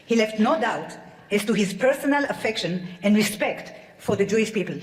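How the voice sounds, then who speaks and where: A woman's voice: mid-range voice, lively intonation. Woman giving a formal speech in an echoey hall. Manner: measured, ceremonial. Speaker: event speaker. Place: large event hall. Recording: echoey hall, faint noise.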